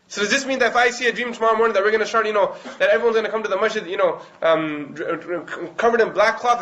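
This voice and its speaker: Male lecturer, very fast and high-voiced, storytelling delivery, dull lo-fi recording. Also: fairly bright tone. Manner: rapid storytelling, restarts words, chants Arabic phrases. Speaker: Islamic lecturer. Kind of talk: religious history lecture.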